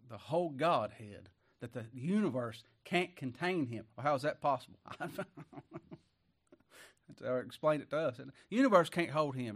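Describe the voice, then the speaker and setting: A male preacher, delivering a folksy sermon full of rhetorical questions and soft chuckles, dropping to hushed asides and rising to emphatic points. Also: medium pitch. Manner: swings between hushed asides and emphatic outbursts.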